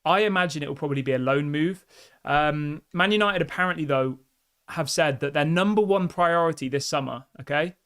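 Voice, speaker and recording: A man hosting a live football show in a slightly high voice. His talk is chatty and direct, and he turns to his viewers again and again to ask what they think. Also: fairly bright tone. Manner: chatty and direct, often asks viewers for opinions. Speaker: football fan channel host. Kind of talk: live-stream commentary to viewers.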